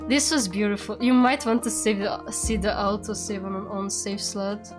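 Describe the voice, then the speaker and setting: A woman streaming casually to her chat as a VTuber. She talks excitably, jumping to sudden squeals and then dropping to soft mutters. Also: medium pitch, moderate pace, music in the background.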